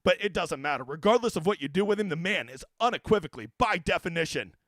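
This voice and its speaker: A man's voice: sits high, expressive, fast talker, a bit bright, dry recording. A man hosting a casual fantasy golf livestream, talking in brash, profane, joking rants. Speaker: fantasy sports golf analyst.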